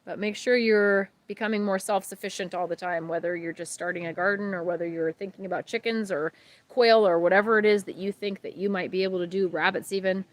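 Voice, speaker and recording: A woman, chatting casually as a homesteading host on a livestream, rambling and warm-hearted. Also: medium pitch, steady tone, fairly quick. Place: outdoors at night by a grill.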